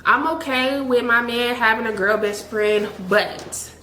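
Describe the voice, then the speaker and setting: A woman's voice: fairly high pitch, steady tone, measured pace, bright, forceful tone, a little hiss or hum. A young adult woman telling a candid storytime, blunt and chatty, with frequent "like". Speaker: vlogger. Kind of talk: storytime vlog. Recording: echoey room.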